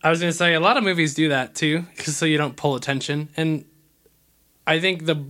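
A man's voice: fairly high pitch, steady tone, a little fast, sharp tone. A man co-hosting a podcast, reading out film facts and then riffing on them loosely in casual chat.

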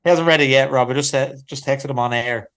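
A man's voice: mid-range voice, a little fast, fairly bright tone, clean tone. A man co-hosting a comedy podcast, rambling and teasing as he tells stories. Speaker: podcast co-host. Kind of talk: casual comedic chat.

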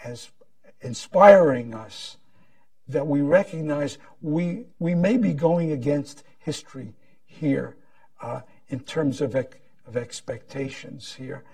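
A man answering on a panel, speaking slowly and hesitantly. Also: on the high side, darkish tone, distant mic. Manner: slow, hesitant, measured.

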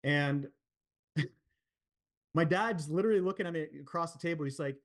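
A man's voice: on the high side, normal speed. A man in his forties, a podcast guest, telling his story in a frank, earnest way, swearing freely and using many fillers. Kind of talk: candid storytelling in a podcast interview.

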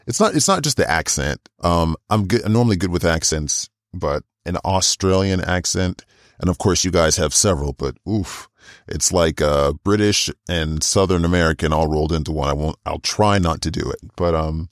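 A man's voice: sits low, moderate pace, dry recording, studio quality. A man hosting a podcast who introduces the episode and chats with a guest in a gushing, chatty way, full of fillers. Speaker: podcast host. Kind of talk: podcast intro and interview chat.

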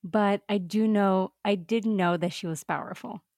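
A woman co-hosting a casual podcast, expressive and quick to exclaim. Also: mid-range voice, dry recording, clean studio sound. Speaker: podcast co-host. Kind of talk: casual chat.

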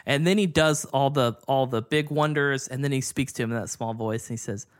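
A man with a mid-range voice talks casually about scripture. He is relaxed and conversational, with frequent fillers and an easy laugh. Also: medium pitch, brisk. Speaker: podcast co-host. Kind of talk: casual Bible study discussion.

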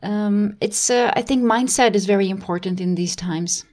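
A woman from the Netherlands, a guest on a podcast, talking in a halting, thoughtful way. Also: medium pitch, a little mellow. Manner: halting, thoughtful, laughs easily. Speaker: podcast guest, DJ and music journalist. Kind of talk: casual interview chat.

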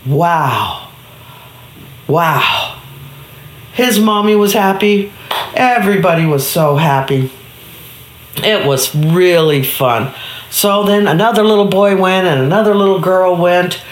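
A woman's voice: on the low side, unhurried, roomy sound. A woman telling an improvised story, acting out voices and sound effects. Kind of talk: improvised bedtime story narration.

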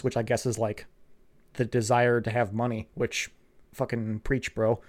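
A man's voice: mid-range voice, flat delivery, a little slow. A man giving a rambling, sarcastic and profane comedic recap of a cartoon plot. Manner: sarcastic, rambling, swears a lot. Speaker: show recapper.

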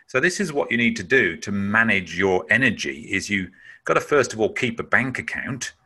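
Here a webinar speaker discusses managing emotions in a fairly low, bright voice that is forceful with a breathy edge. He makes his points emphatically and now and then acts out holding his breath.

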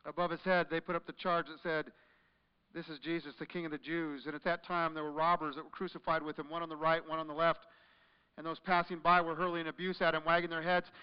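A man preaching a sermon as pastor, swinging between hushed, quiet passages and loud, forceful ones. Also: on the high side, flat delivery, fast talker, clear, resonant tone. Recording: muffled recording in a large echoing hall.

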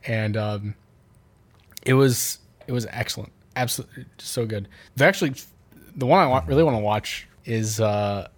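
A man's voice: medium pitch, moderate pace, no room sound. A man co-hosting a podcast, rambling with many restarts and fillers. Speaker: podcast co-host. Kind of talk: casual chat.

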